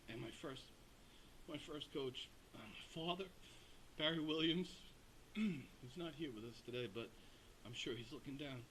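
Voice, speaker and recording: A man giving a Hall of Fame acceptance speech at a ceremony, halting, with many fillers and pauses. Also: on the high side, fairly bright tone, a little hiss or hum.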